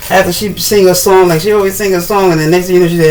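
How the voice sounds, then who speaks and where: A woman chatting casually while demonstrating a recipe in her home kitchen, rambling, with sudden excited bursts. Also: mid-range voice, normal speed, long pauses, a little hiss or hum. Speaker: cooking vlogger.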